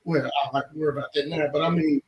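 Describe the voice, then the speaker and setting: A man's voice: on the high side, fairly even intonation, very fast, dull audio. A man chatting casually as a guest on a talk show, laid-back and blunt. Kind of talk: casual chat. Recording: roomy echo, distant mic, faint noise.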